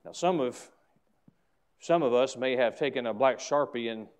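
A man preaching a sermon to his church, fervent, swelling loud on key points and dropping into quick asides. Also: medium pitch. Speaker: pastor.

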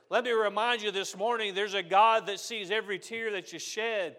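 A man preaching a sermon as pastor, moving from loud declarations to soft, tender passages, repeating phrases. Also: high voice, steady tone, brisk, hardly any pauses.

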